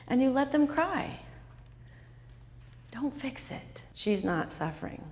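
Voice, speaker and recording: A woman's voice: on the high side, expressive, slow, creaky, darkish tone, long reverb tail. A woman author giving an interactive talk to a live audience, quizzing the listeners and repeating their answers back. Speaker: author and speaker.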